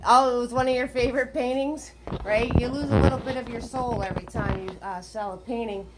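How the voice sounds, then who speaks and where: Over heavy background noise, a woman from Washington state hosts a live online painting class, speaking briskly in a slightly high voice. She greets viewers in a sing-song way and chats with them.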